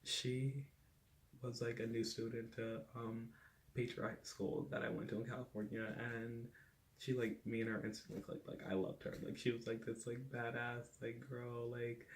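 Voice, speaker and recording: Brief: young guy, gravelly and flat, candid rambling storytime with faint room noise. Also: medium pitch. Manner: rambling, heavy on "like" fillers, candid and profane. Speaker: vlogger. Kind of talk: casual storytime.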